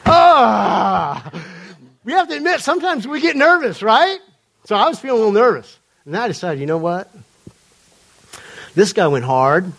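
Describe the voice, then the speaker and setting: A man preaches to a congregation in a high-pitched voice. He talks in a loose, joking, storytelling way. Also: expressive, fairly quick, pauses often, a bit bright. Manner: conversational, humorous storytelling. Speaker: pastor. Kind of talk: sermon. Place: church before a live congregation.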